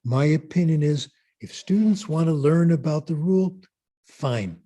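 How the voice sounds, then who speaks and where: A man giving a conference lecture, asking rhetorical questions and answering them in an emphatic, deliberate way. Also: fairly high pitch, warm tone. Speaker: conference speaker. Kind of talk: lecture on language learning.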